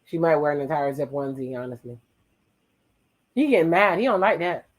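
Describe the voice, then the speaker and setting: A host giving casual watch-along commentary on a reality show, teasing and recapping the couples' dialogue in quick playful asides. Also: mid-range voice, expressive, rough recording.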